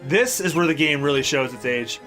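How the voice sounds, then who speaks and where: A man's voice: fairly high pitch, lively intonation, a little fast, sharp tone, faint music behind. A man hosting a let's play, giving casual, joking and sarcastic gameplay commentary. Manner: joking, sarcastic, swears freely.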